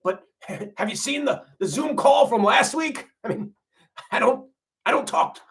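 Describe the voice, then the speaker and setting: A man's voice: very high-pitched, expressive, unhurried, a bit bright, full character voice. A man playing a folksy, laid-back grandmother on a comedic parody livestream, rambling and repeating himself. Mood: gossipy. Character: folksy middle-aged grandmother reality-TV wife, laid-back. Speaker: livestream host.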